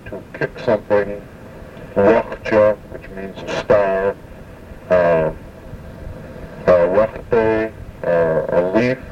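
Male instructor, low voice, unhurried and halting, far off a muffled mic with a faint hum behind. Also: a little mellow. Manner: halting, with frequent "uh" pauses. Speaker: language instructor. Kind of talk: explaining pronunciation.

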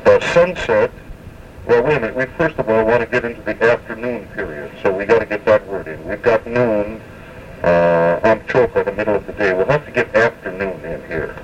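A man giving a spoken language lesson, slowly and carefully repeating words to show their pronunciation, with many hesitations. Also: on the low side, far from the mic, dull audio, slight background noise. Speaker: language teacher.

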